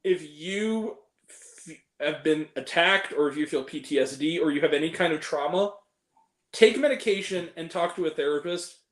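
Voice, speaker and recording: A man's voice: a little high, normal speed, roomy sound. A young man hosting a casual film review chat, ranting and swearing freely as he picks apart the movies he hated. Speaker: host.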